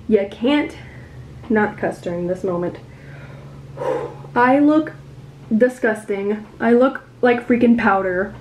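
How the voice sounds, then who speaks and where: A woman's voice: mid-range voice, slow, pauses often, darkish tone, a little hiss or hum. A young woman in a casual vlog, talking in an anxious, rambling way with lots of fillers. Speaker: vlogger.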